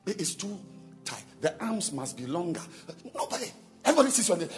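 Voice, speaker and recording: A male preacher delivers his sermon in an animated, high voice that rises and falls dramatically. He repeats key phrases for emphasis and urges the congregation to pray, with faint music behind him. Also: a little fast, long reverb tail. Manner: emphatic, repetitive, calls for responses. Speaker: pastor.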